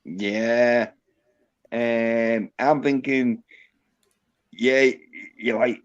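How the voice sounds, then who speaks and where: A man's voice: mid-range voice, slow. A man hosting a livestream, rambling and teasing his guest with casual, heavy swearing. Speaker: livestream host. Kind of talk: casual profane banter. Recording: dull lo-fi stream audio.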